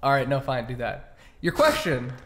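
A man's voice: medium pitch, wildly swooping pitch, normal speed, a bit bright, a little hiss or hum. A man co-hosting a casual book-club podcast, wry and fussy about the audio setup. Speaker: podcast co-host.

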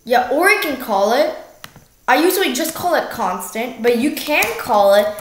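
A woman's voice: fairly high pitch, expressive. A young woman casually walking through algebra problems, correcting herself along the way and joking now and then. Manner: slow, self-correcting, jokey. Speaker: math tutor. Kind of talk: casual math walkthrough. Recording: echoey room.

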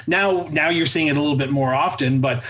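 A man hosting an interview, halting and restarting as he builds up his questions. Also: fairly high pitch, fairly bright tone. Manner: halting, stacks up "uh" and restarts before reading out facts. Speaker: interview host.

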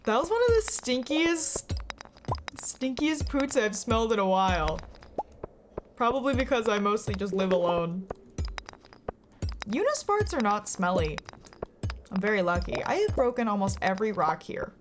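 A woman's voice: medium pitch, big pitch swings, normal speed, pauses often. A woman chatting casually and giggling as she talks to viewers while playing a game on a live stream. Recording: game music playing behind the voice.

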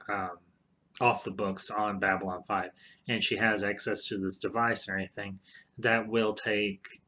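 A man's voice: fairly low pitch, sharp tone. A man casually retelling a TV storyline, rambling with many fillers and restarts. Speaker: show commentator.

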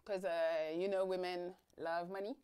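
A woman's voice: fairly low pitch, flat delivery, normal speed, darkish tone, clear, resonant tone. A woman hosting a casual live-streamed talk show, chatty and laughing, wearing a mic. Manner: chatty, laughing, talks over her guest. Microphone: mic'd up.

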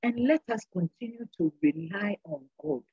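A woman's voice: medium pitch, normal speed, slightly rough, no echo, muffled recording. An older woman speaking as a guest on a church program, giving an earnest, sermon-like exhortation and repeating phrases for emphasis. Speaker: panel guest.

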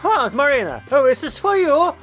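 A man voicing a cheeky, bubbly young woman who talks high and excitedly in an audiobook. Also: slow pace, faint music behind, exaggerated voice.

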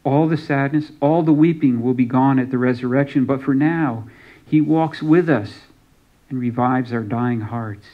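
A man's voice: mid-range voice, a little slow, highs cut off. A man preaching a sermon as pastor, reading scripture aloud and giving some lines dramatic emphasis.

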